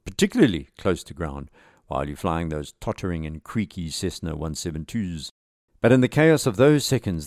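A man, himself a pilot, narrating an air crash story in measured documentary style with lively emphasis. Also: deep voice, no room sound, clean studio sound.

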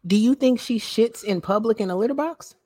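A woman's voice: fairly high pitch, brisk, dark tone, dry recording. A woman co-hosting a podcast in casual chat, blunt and profane, breaking into laughter often. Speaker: podcast co-host.

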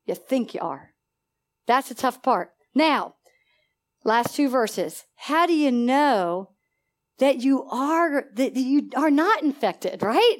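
A woman preaching a sermon in a church, animated and emphatic, asking the congregation call-and-response questions and laughing between points. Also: on the high side. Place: church sanctuary.

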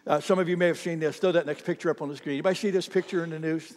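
Male pastor, high voice, animated sermon storytelling, long hall reverb. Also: racing. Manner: animated storytelling, talks straight to the congregation.

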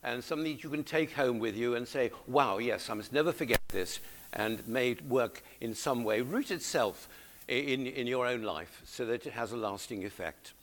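A man's voice: mid-range voice, normal speed, a little hiss or hum. A man preaching a sermon, coaxing his congregation to read along with him. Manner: exhorting, coaxing the congregation to join in.

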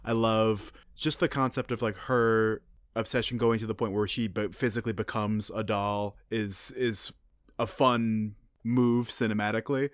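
A man's voice: lowish voice, normal speed, no room sound, studio quality. A man with a stuffy nose co-hosting a podcast, chatting casually and animatedly about films. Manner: animated, laughs often, frequent "like". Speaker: podcast co-host.

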